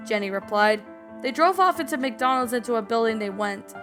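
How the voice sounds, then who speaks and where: A woman's voice: fairly high pitch, lively intonation, a little fast. A woman reading a fan story aloud. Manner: casual reading with small slips. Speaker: story narrator and reviewer. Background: background music.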